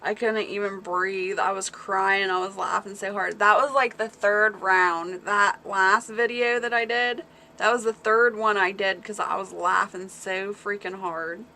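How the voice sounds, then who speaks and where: A woman hosts a relaxed livestream in a bright, forward voice, talking at an easy, unhurried pace. She rambles through stories, answers her chat aloud and breaks into frequent laughter. A faint hum sits under her voice. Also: medium pitch. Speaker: livestream host reading viewer chat. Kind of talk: casual chat.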